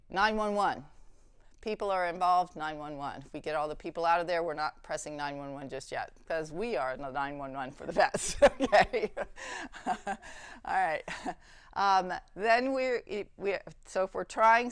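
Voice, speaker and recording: A woman's voice: on the low side, smooth, no echo. Practical woman instructor, dry close sound. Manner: checks in with "okay?" often, brisk and practical. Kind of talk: hands-on training demonstration.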